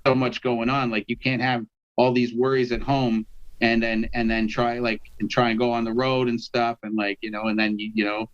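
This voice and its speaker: A man's voice: mid-range voice, flat delivery, normal speed. Male rapper guest on a video call: rambling storyteller, dull lo-fi sound. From Canada. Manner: rambling storyteller, many fillers. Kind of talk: casual interview over video call.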